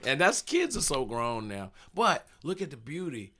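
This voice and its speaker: A man's voice: medium pitch, normal speed. A man who is a comedian, telling stage stories in casual chat, acting out the voices of the people in them and laughing often. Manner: animated storyteller, acts out voices, laughs often.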